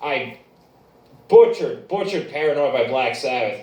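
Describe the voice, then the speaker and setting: A man's voice: mid-range voice, expressive, unhurried, darkish tone. A man doing stand-up at a bar open mic, telling a crude, rambling story with plenty of restarts. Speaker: stand-up comic. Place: bar stage, echoey room. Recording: echoey bar room, distant mic.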